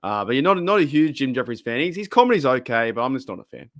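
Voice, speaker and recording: Australian male stream host, rambling chatty delivery, mid pitch, dry close-miked sound. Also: fast, dry recording. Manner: rambling, chatty, laughs often, lively swings in pitch. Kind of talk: casual live stream chat.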